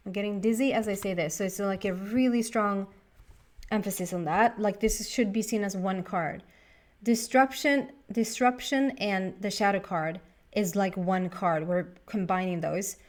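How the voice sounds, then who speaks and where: A woman reading tarot in a relaxed, chatty way, her voice sitting at an ordinary middle pitch. She thinks aloud and talks straight to the cards as she works through a spread for her viewers. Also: measured pace. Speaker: tarot reader. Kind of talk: casual tarot reading monologue.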